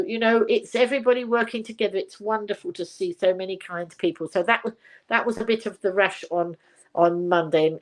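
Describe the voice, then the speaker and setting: An older woman from England hosting a casual live chat at home, rambling cheerfully, laughing often and reading viewer comments aloud. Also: medium pitch. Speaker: livestream host.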